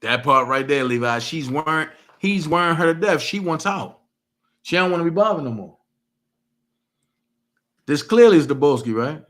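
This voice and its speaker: A man's voice: on the high side, animated, normal speed, long pauses, a bit bright. A man hosting a livestream who reads court documents aloud and breaks off into profane, mocking commentary.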